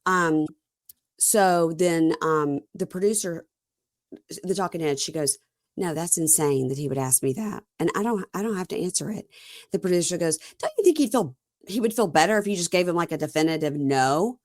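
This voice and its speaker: A low-pitched woman talks over a reality episode in easy, chatty podcast talk, acting out both sides of each scene as she tells it. The sound is dry and close, with almost no room around her. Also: moderate pace, no echo. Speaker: podcast host. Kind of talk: casual chat recapping a reality show.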